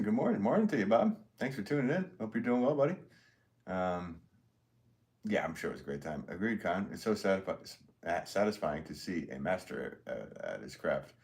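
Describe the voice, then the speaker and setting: A middle-aged man, a potter hosting a casual livestream, reading out chat comments in a relaxed, rambling way with fillers and soft chuckles. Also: low voice.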